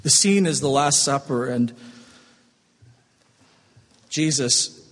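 A man preaching a sermon, swinging between strong emphasis and hushed, slow, tender passages. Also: medium pitch, in a large hall. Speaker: pastor.

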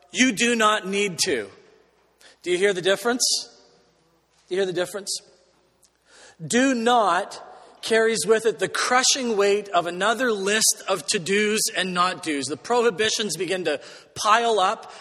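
A man preaching a sermon as pastor, earnest with dry humorous asides, slowing down and lifting his voice to stress key words. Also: high-pitched, fairly bright tone. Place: church sanctuary. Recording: long church hall reverb.

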